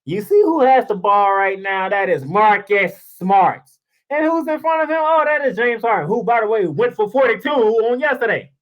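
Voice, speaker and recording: Here a sports show host rants heatedly by himself in an animated, medium-pitched voice at normal speed. His delivery is casual and sarcastic, full of rhetorical questions and points repeated for emphasis.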